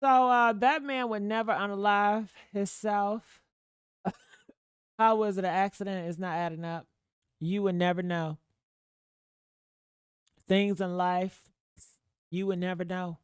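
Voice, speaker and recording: A woman's voice: medium pitch, steady tone, measured pace, pauses often, clean tone, no room sound, studio quality. Chatty, profane woman livestream host. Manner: chatty, profane, with sudden loud outbursts. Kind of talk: casual gossip commentary to a live chat.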